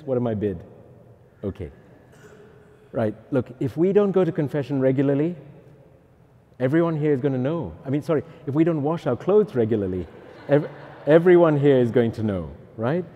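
Male priest, pilgrim talk; playful and teasing, mellow tone, echoey hall. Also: medium pitch. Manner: joking, lively, teasing. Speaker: Catholic priest, pilgrim chaplain.

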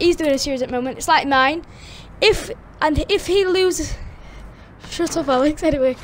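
A woman giving excited, chatty commentary on her own basketball video game match, hosting her gaming channel from a room at home. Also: high voice, a little hiss or hum. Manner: excitable, chatty, cheers and groans at plays. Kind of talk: live gameplay commentary. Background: friends talking in the background.

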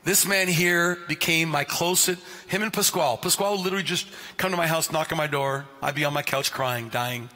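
A man's voice: on the high side, fairly quick, few pauses. A male pastor preaching a sermon in a church, telling stories with jokes and calling out listeners by name. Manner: animated, joking storyteller who addresses listeners by name. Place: church sanctuary. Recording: long reverb of a church sanctuary.

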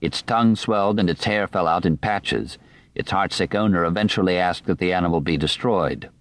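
Low-voiced male audiobook narrator, dry. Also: no room sound. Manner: measured, even reading.

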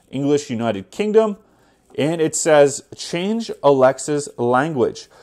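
A man of middle pitch hosts a how-to video in an easygoing, conversational way. He narrates each tap and scroll as he goes, dropping casual fillers along the way. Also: darkish tone. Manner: easygoing, talks through each step with "uh" fillers. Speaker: tech tutorial host. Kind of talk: casual screen walkthrough.

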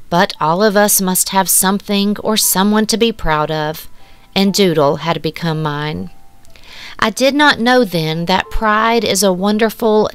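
A woman reading a short story aloud in a measured, hushed, wistful way. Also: mid-range voice, smooth, dry recording. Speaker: story narrator. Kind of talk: scripted storybook narration. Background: soft music.

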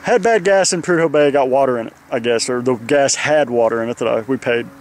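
A man's voice: medium pitch, a little fast, slight background noise. Weary man vlogging by a roadside. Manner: weary, venting, rambling. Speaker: motorcycle traveler. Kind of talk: roadside vlog to camera. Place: roadside guardrail outdoors in the rain, traffic passing. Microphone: handheld camera held close.

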